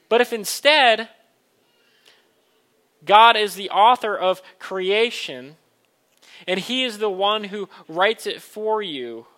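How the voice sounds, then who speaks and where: Guy preaching, pretty high voice, bright and punchy, earnest, keeps pushing questions at the room. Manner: earnest, building to emphatic questions. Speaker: pastor. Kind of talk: sermon.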